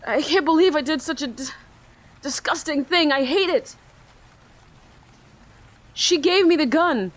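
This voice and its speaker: A woman's voice: sits high, measured pace, long pauses, voice pushed up. A woman voicing a distraught sixteen-year-old boy from a video game, pleading and broken-up as she reads his lines. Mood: remorseful. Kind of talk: reading game dialogue aloud.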